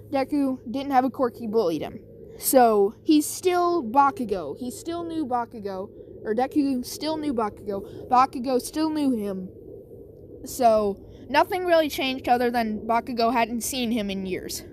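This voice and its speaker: A woman's voice: a little high, a little hiss or hum. A woman casually retelling a fan story, rambling and correcting herself with many fillers.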